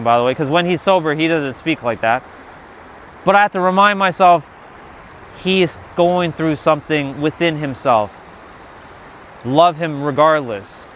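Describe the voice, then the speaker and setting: A man's voice: fairly high pitch, unhurried, fairly bright tone, slight background noise. A man giving an emphatic, profane spiritual pep talk on a live stream, answering chat outdoors by the water. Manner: emphatic and profane, repeats "right?".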